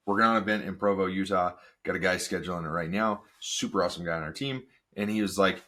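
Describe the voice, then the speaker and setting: A man hosting a casual solo podcast, energetic and full of rhetorical questions. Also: deep voice, fast talker, few pauses. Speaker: podcast host.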